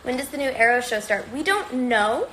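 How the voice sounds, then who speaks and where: A woman's voice: a little high, expressive, normal speed, bright, forceful tone, slight background noise, low-quality recording. A woman chatting casually on a livestream from home, rambling and upbeat while slightly out of breath from exercising. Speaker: livestream host.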